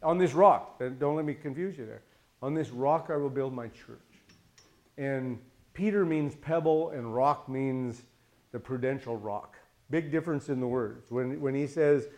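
A man's voice: medium pitch, moderate pace, darkish tone. A man leading a Bible study in a loose, conversational way, asking his listeners questions and acting out the people he quotes. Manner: chatty, asks the listeners questions, acts out quotes.

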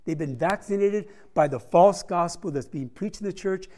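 A man's voice: high voice, normal speed, warm tone. A man giving a conversational missions report to a church congregation, telling stories with humorous asides.

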